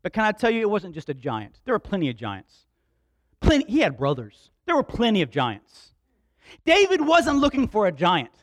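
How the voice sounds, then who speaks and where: High-voiced man preaching with shouts. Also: wildly swooping pitch, moderate pace, no echo, clean studio sound. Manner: dramatic storytelling, acts out dialogue, shouts for emphasis. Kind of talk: sermon.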